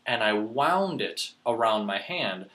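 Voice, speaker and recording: A man teaching a lesson, explaining words clearly and deliberately, slowing down to spell them out letter by letter. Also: lowish voice, sing-song, a bit bright. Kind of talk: teaching demonstration.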